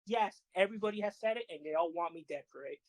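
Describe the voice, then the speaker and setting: A woman co-hosting a podcast, telling fighting-game stories in animated, laughing casual chat with some swearing. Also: on the low side, fast talker, low-quality recording. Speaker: podcast co-host.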